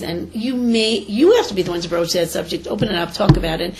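A woman's voice: medium pitch, quick pace, vocal fry, noisy background. Earnest woman giving parenting advice. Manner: earnest and animated, acts out quoted voices. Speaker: teacher and parenting guest. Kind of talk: conversational advice talk.

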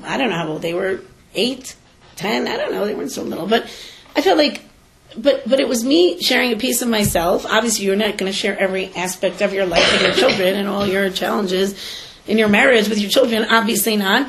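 A middle-aged woman talks earnestly through parenting advice at a mid pitch. She is animated and conversational, and she often acts out the voices she quotes. A faint hiss sits under her voice. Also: poor audio. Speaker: teacher and parenting guest.

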